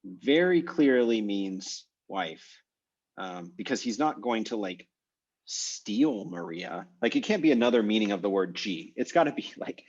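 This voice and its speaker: A man with a somewhat low voice teaches a language class over a video call. He thinks aloud, pausing on fillers and restarting sentences. The call audio sounds slightly muffled. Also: breathy edge. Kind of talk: online class discussion.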